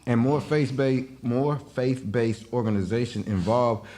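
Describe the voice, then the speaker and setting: A man's voice: medium pitch, unhurried, warm tone. Chatty man co-hosting a panel. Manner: chatty, frequent agreeing interjections. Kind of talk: casual panel discussion.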